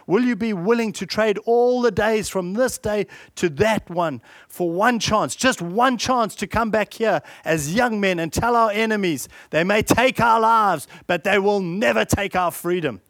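A man's voice: high voice, moderate pace, few pauses, fairly bright tone, no room sound, studio quality, voice pushed up. A man reciting the speech of a male warrior leader rallying his troops before battle, in a stirring, declaiming way. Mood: rousing.

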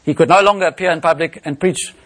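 A man preaching a sermon, expounding a Bible passage and reading scripture aloud in a measured way. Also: fairly high pitch, fairly bright tone.

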